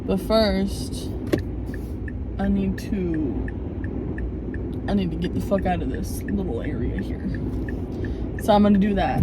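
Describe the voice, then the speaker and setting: Young woman vlogger, casual and profane, mid-pitch voice, recorded in a moving car with heavy road noise. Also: slow pace, pauses often. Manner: chatty, swears freely, dramatic asides. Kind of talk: casual chat to camera. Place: inside a car while driving.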